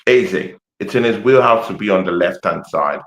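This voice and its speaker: On a football podcast recorded with a roomy echo, an Arsenal-supporting pundit with an African accent talks in a low, slightly bright voice at a moderate pace with lively intonation. He's passionate, repeats himself, and hesitates with many fillers.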